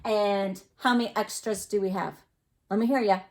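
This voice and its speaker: A woman teacher with a medium-pitched voice and fairly even intonation leads an early-grade math lesson. She counts aloud slowly in a sing-song way and asks the children encouraging questions.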